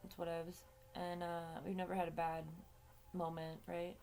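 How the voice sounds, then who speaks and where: A woman's voice: lowish voice, completely flat delivery, moderate pace, a little mellow. A woman hosting her own vlog, telling a personal story in a casual, rambling way with frequent swearing and fillers. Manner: chatty, swears freely, many fillers. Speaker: vlog host.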